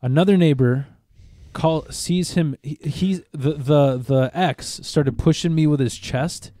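Guy ranting through a story, mellow voice, dry close sound, swears a lot. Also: a little high, unhurried, dry recording. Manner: animated, profane, acts out quotes. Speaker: podcast co-host. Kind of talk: casual chat, storytelling.

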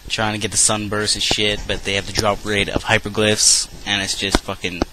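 A man's voice: lowish voice, completely flat delivery, moderate pace, background noise. A young man in a casual podcast chat, rambling and swearing a lot.

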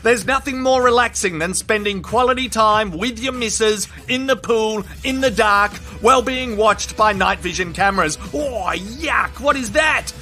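Aussie bloke doing a funny voice-over, high bright voice, swears a lot, bit of music underneath. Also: male voice, moderate pace, hardly any pauses. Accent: Australian. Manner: crude, excitable, slangy running commentary. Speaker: comedic video commentator. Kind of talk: comedic voice-over commentary on viral clips.

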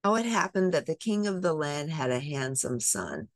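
A woman reading a picture book aloud, expressive and animated. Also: sits low, normal speed, no echo. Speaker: storybook reader.

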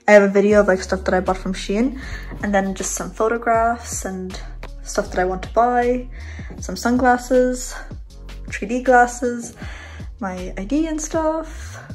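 Young woman vlogger, rambling room tour on a phone cam in a bedroom, soft music behind her. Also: mid-range voice, poor audio. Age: 20s. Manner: chatty, rambling, giggly. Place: bedroom, indoors.

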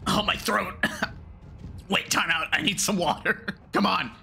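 A gaming video creator doing let's play commentary, excitable, laughing a lot and yelling and swearing at the game. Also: mid-range voice, a little slow, creaky, long pauses. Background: game music.

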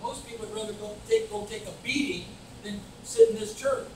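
A man preaching a fervent sermon as pastor, building to shouts and mocking voices. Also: extremely high pitch, very animated, brisk, gravelly. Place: church. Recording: echoey church from far off, faint noise. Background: congregation calling back.

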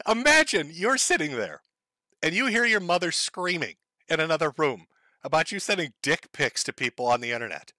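A man's voice: on the high side, big pitch swings, normal speed, pushed and bright, no echo. A man hosting a live stream who gives crude, sarcastic and mocking commentary into a home mic. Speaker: streamer host.

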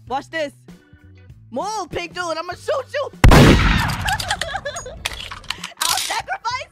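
A woman's voice: very high voice, sing-song, unhurried, sharp tone, soft background music. A woman streaming a game live, talking casually to her chat and often shrieking and laughing. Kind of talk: live gaming commentary.

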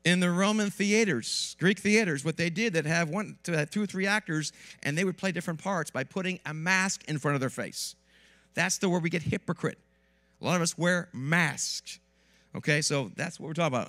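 A man preaching a lively sermon in a church with asides to the congregation, while he has a cold. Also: sits high, normal speed. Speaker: pastor. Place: church sanctuary.

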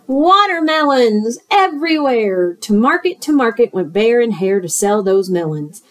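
Woman teacher for a storytime read-aloud: slow and expressive, rhythmic, talks to kids. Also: on the high side. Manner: expressive, rhythmic, with asides to children.

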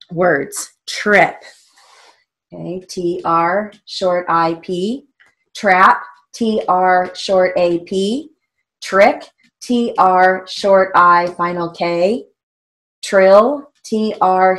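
A woman's voice: fairly low pitch, drawn-out words, fairly bright tone. A woman teaching a steno theory lesson, patiently spelling out strokes letter by letter. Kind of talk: recorded lesson.

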